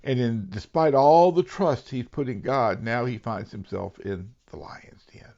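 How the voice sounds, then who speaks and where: A male pastor giving an earnest sermon, dropping to hushed whispers and then rising to emphatic, raised lines. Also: medium pitch, unhurried, dull audio.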